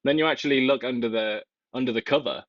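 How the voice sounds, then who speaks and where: A man's voice: mid-range voice, fast talker, no echo, muffled recording. A man co-hosting a political talk show, speaking wryly and joking dryly. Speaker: co-host. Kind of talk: casual political chat.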